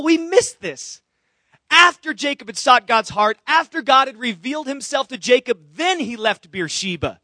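A man's voice: very high voice, bright, forceful tone, no echo, studio quality. A man preaching a sermon, earnest and emphatic, with repeated phrases and direct questions to the congregation. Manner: asks the audience questions directly. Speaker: pastor.

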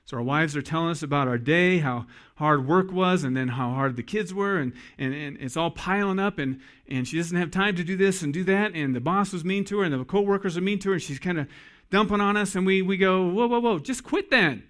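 A man's voice: high voice, a little fast, a bit bright. Folksy man preaching to husbands. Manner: folksy, jokey, addresses men directly. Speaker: pastor. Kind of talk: sermon.

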